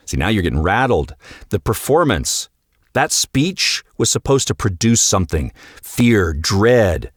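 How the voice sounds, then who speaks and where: Brief: podcast host and coach, low voice, very animated delivery, direct manner. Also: male voice, measured pace, dry recording, clean studio sound. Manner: direct and coaching, often acting out dialogue. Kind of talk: solo podcast monologue.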